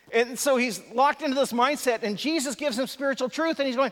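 High-voiced preacher in an echoey hall. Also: male voice, brisk, few pauses, fairly bright tone. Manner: conversational and emphatic, with asides and chuckles. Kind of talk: live sermon teaching. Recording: long hall reverb.

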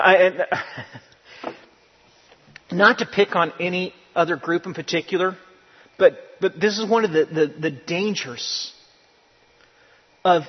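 A pastor with a high, somewhat husky voice preaches with emphatic force. His words ring out in a big reverberant church, captured on a dull, lo-fi recording. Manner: emphatic, rising to loud bursts, quoting people in character. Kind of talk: sermon.

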